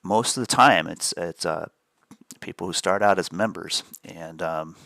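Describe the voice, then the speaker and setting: A man with a low, gravelly voice talks loosely on a live trading stream, circling back over his words. The sound is dry and close, with no room around it. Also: unhurried, sharp tone, no room sound. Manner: rambling, repeats words, laughs easily. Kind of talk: casual live-stream chat.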